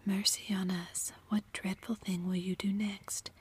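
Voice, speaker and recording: A woman's voice: medium pitch, flat delivery, measured pace, husky. Jo, a woman whispering as a spirited young writer. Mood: teasing. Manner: whispered, exclaiming. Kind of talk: whispered role-play.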